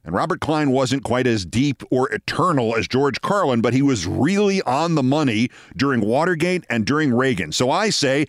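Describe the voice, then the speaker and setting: A man's voice: medium pitch, lively intonation, moderate pace, few pauses, no room sound, studio quality. A man in his sixties hosting his own show, telling a personal story in a wry, theatrical way. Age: 60s. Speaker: host.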